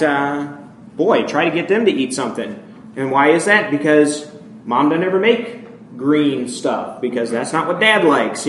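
Conversational preacher with a northern American accent. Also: male voice, sits high, reverberant, low-quality recording. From northern United States. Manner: conversational, asks "right?" often, animated emphasis. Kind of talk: sermon.

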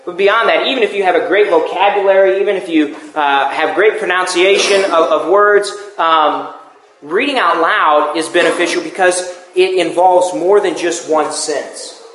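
A man's voice: sits high, moderate pace, a bit bright. Man preaching conversationally in an echoey room. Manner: conversational teaching, with asides and restarts. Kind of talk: sermon.

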